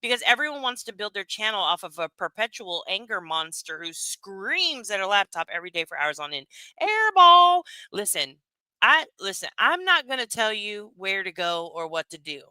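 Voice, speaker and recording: A woman streamer telling a story to her chat in a loose, gossipy way, full of fillers and asides. Her voice is bright and clear, and the sound is dry and close. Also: medium pitch, very animated, moderate pace, dry recording. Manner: chatty, gossipy, laughs often, lots of fillers.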